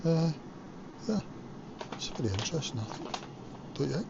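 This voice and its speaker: A man's voice: a little high, expressive, normal speed, vocal fry. A man from Scotland chatting casually on his vlog while cooking, rambling with lots of fillers. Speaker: vlogger. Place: home kitchen. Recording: lo-fi home recording with background noise.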